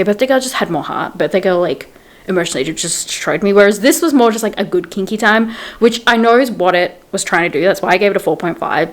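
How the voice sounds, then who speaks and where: A young adult woman vlogging casual book-review chat, retelling scenes in quotes and saying "like" often. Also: mid-range voice.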